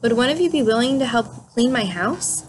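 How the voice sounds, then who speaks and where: A woman reading aloud as a gentle, polite male hermit crab in a children's storybook, with a bright, admiring voice. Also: a little high, animated, normal speed, slight background noise, lightly acted.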